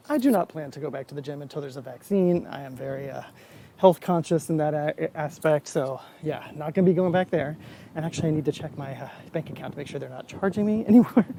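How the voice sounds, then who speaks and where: A man's voice: on the high side, mellow, a little hiss or hum. A man in his forties chatting casually in a vlog, reviewing a hair product in a rambling, self-deprecating way. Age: 40s.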